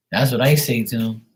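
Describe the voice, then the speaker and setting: A man hosting a live tarot stream rants at length, casual, irritated and profane, while chatting with viewers. His mid-range voice comes through poor audio with slight background noise.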